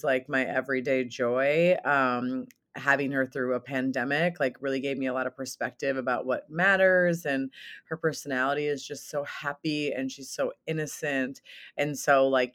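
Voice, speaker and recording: A woman in her late thirties from Southern Minnesota, chatting as a podcast guest in an energetic, talkative way with frequent laughs and fillers. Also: rumbling low. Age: 30s. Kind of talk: casual podcast interview.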